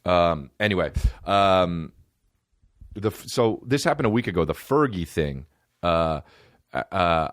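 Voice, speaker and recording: A man hosting a podcast, ranting in a profane, mocking, animated comic way into a close mic. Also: deep voice, no echo. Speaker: podcast host. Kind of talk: solo comedic rant.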